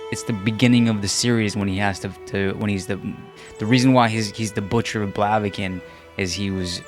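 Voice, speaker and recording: Man, casual gameplay chat, desk mic, fairly low voice, game music behind. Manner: chatty, rambling, jokes along with the game. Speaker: let's play streamer. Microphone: desk microphone.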